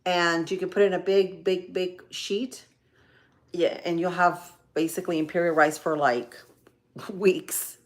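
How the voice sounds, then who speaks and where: Here a worn-out middle-aged woman talks easily with live viewers as she cooks, her homespun chatter packed with ums and y'alls. The voice is lowish and steady, running a little slow.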